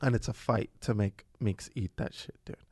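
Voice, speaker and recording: A man on a casual podcast, telling a family story in lively, profane, slangy talk and acting out his kids' lines. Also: lowish voice, moderate pace, breathy edge, no echo. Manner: animated storyteller, swears a lot, acts out his kids' voices. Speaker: podcast co-host. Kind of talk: casual chat.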